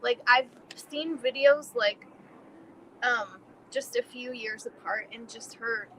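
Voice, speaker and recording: Woman podcast co-host, earnest chatter, highish pitch; noisy recording with clear hiss. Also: slow, sharp tone. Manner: talkative, full of "like" fillers, earnest. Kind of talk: casual chat.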